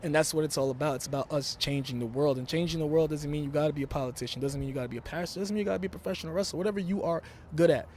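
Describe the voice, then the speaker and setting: Brash fast-talking New man. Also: on the high side, steady tone, a little mellow, a little hiss or hum. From Brooklyn, New York. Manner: brash, emphatic, defiant. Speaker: wrestler guest. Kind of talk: interview talk.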